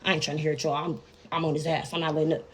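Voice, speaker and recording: A woman's voice: deep voice, little pitch movement, racing. A woman telling a personal story to her viewers in a brash, profane, casual way, constantly calling out to them as y'all.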